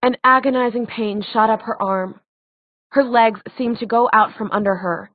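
A woman reading a novel aloud as an audiobook narrator, steady and expressive. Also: fairly high pitch, moderate pace, no echo. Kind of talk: scripted narration. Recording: tinny phone-like dry sound.

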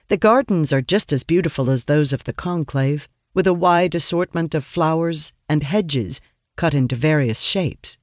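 A man narrating a fantasy audiobook in a steady, measured way. His voice sits a little high for a man and is recorded close and dry, with no room sound. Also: no room sound.

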